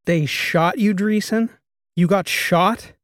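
Man doing a blunt agitated male historian, incredulous, gravelly, dry close sound. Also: on the high side, moderate pace, a little mellow, no echo, natural voice. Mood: alarmed. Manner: exasperated, demanding questions.

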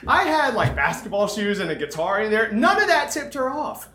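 Young man, sermon storytelling, voices the dialogue, fairly high voice, echoey room. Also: normal speed. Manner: animated storyteller, acts out dialogue.

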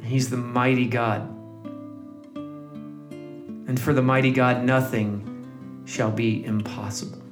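Soft-spoken guy doing a devotional scripture reading, guitar playing behind. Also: medium pitch, little pitch movement, takes it slowly, long pauses. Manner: soft, gentle, lingering on words. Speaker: devotional leader. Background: guitar music.

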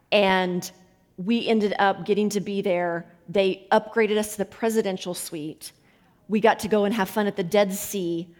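A woman guest minister telling lively stories from the stage, laughing often and acting out the voices of people she quotes. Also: mid-range voice. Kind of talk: conference sermon storytelling. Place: conference hall. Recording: long hall reverb.

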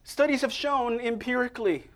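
Energetic man preaching a sermon. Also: very high voice, moderate pace. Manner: energetic, call-and-response prompts to the congregation.

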